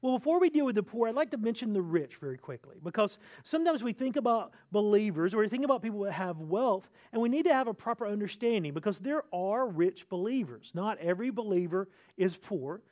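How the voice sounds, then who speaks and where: A man's voice: high-pitched, animated, brisk, hardly any pauses, darkish tone. A man, a pastor, preaching an earnest expository sermon with emphatic, repeated phrases.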